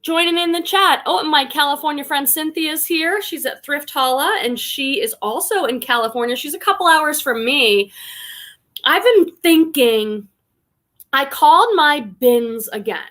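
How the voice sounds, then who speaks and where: A woman from Boston hosting a casual live stream, chatting warmly and greeting viewers one by one as she reads the chat aloud. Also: high-pitched, lively intonation, unhurried. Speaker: live stream host and online reseller.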